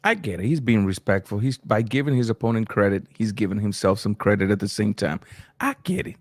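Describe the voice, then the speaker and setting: A man's voice: lowish voice, lively intonation, brisk, no room sound, clean studio sound. Laid-back man hosting a boxing live stream. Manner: laid-back, chatty, reads viewer comments aloud. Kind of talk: casual live-stream commentary.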